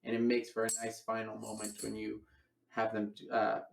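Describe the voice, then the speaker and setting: Gravelly man teaching a coin trick. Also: lowish voice, completely flat delivery, moderate pace, reverberant, slight background noise, poor audio. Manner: explains coin sleights step by step, acts out patter. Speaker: magic teacher. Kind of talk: casual online magic lecture. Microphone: online voice call.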